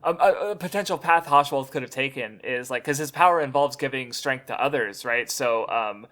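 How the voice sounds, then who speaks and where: Bright-voiced hesitant man. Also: medium pitch. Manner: halting, full of fillers and restarts. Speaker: guest. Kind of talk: casual anime discussion.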